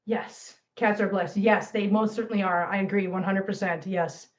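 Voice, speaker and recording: A woman's voice: medium pitch, fairly even intonation, moderate pace. A woman hosting a home livestream, chatting and scolding her cats in a playful voice. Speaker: cat channel host. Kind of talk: livestream chat while counting cat treats. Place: room at home. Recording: echoey room, voice from afar, faint noise.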